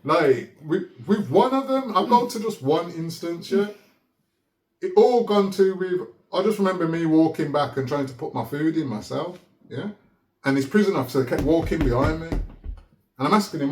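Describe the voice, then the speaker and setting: A man telling a story in a casual, animated way, laughing often and checking in with "yeah?". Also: on the high side, moderate pace. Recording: roomy echo.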